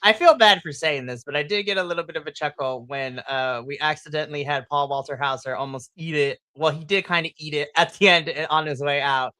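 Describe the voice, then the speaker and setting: Podcast co-host, excitable, laughing, bright voice, dry close sound. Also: mid-range voice, a little fast, few pauses, no echo. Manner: excitable, laughs often, breaks into loud exclamations. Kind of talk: casual post-show chat.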